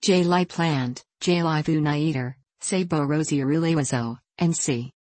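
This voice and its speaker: A woman reading the part of an eager, gentle young woman. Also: low-pitched, takes it slowly, no echo.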